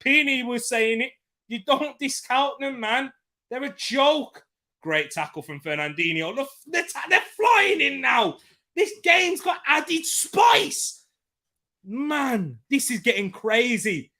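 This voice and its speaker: A man hosting a live football watchalong, reacting with excitable shouting commentary while hoarse from losing his voice. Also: very high-pitched, slow.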